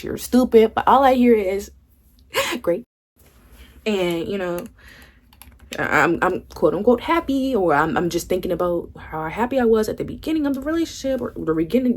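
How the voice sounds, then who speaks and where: A young woman vlogger telling a candid storytime, swearing freely and acting out what her friends said. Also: mid-range voice. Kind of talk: casual storytime.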